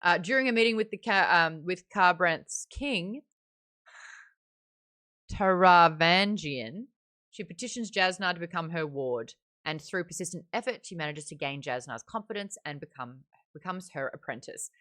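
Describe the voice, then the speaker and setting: A woman hosting a casual book club discussion, chatty and animated, laughing often. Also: lowish voice, normal speed.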